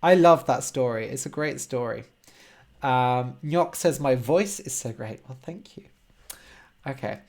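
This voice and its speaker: A man's voice: medium pitch, a little mellow. A man teaching English on a live stream, explaining words patiently and checking in with frequent "okay?". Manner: slow, simple, encouraging explanations with frequent "okay?". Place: home room.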